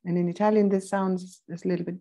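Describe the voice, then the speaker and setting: A woman instructor giving a philosophy seminar lecture, thoughtful and pausing now and then to look up verse numbers. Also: fairly low pitch, little pitch movement, creaky, mellow. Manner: reads quoted passages slowly and deliberately.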